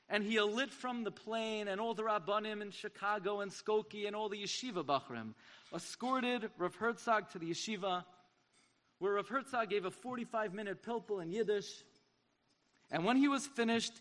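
A man giving an impassioned sermon-style story at a community event, swinging from hushed to loud. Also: high voice.

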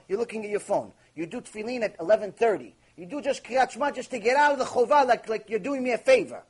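A man's voice: extremely high pitch, expressive, a little fast, few pauses, husky, rough recording. A man giving an impassioned Torah lecture on Mussar, rebuking his listeners and mixing Hebrew terms into his English. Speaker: rabbi teaching Mussar.

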